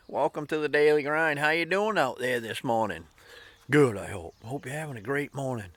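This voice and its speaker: A man's voice: mid-range voice, expressive, normal speed, a bit bright, dry recording. A man hosting a daily inspirational talk, telling a story in a casual, folksy way with lots of fillers. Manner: folksy and informal, with many fillers.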